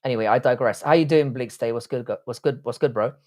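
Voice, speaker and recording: A man's voice: mid-range voice, fast, darkish tone. Blunt, swearing raised man. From Irish, raised in southwest London. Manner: blunt and profane, reads chat questions aloud then answers. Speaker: livestream panelist answering chat. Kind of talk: casual livestream chat.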